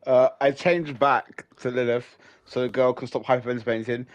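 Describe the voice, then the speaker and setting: A man as a player in a tabletop game, making wry, deadpan asides. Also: medium pitch, moderate pace, no room sound, dull audio, soft background music.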